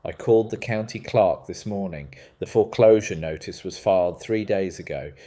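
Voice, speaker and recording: A man voicing a blunt, composed woman gardener in a storybook reading, speaking in a flat, firm, matter-of-fact way. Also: low voice, moderate pace.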